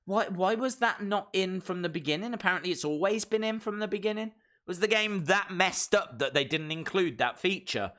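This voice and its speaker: A man's voice: sits high, moderate pace, pushed and bright. A man hosting a live reaction stream, chatting playfully and reading viewer comments aloud.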